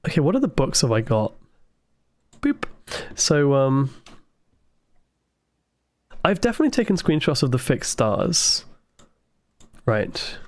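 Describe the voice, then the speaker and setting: Excitable man streaming a puzzle game. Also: medium pitch, no room sound. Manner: thinking aloud, excitable, quick asides to chat. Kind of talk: live gameplay commentary.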